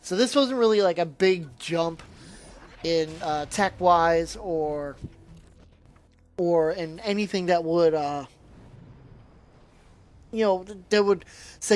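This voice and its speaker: A man's voice: sits high, measured pace, pauses often. A man giving a casual, rambling spoken review of a video game, often trailing off and restarting his sentences.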